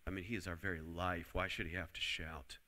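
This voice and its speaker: A man's voice: deep voice, little pitch movement, fairly quick, pushed and bright. A man preaching a sermon, emphatic, repeating key lines and leading the congregation to say them back. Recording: long hall reverb.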